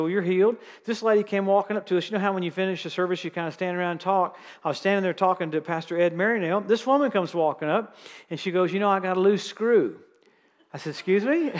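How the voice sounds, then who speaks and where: Middle-aged man, guest preacher, high and lively, humorous storytelling sermon, church hall reverb. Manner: lively, jokes with the audience. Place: church sanctuary.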